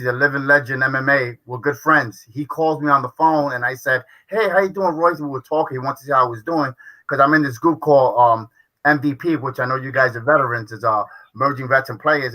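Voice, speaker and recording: Bright-voiced earnest older-sounding fighter. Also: male voice, medium pitch, brisk, low-quality recording. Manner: rambling, earnest, name-dropping. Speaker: retired kickboxing champion. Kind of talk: casual chat on a video call show.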